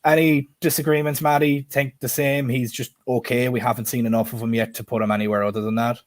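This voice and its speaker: A man's voice: medium pitch, level tone, fast, no echo, clean studio sound. A man hosting a casual football chat stream, chatty and quizzing his co-host, with frequent restarts. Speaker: podcast host.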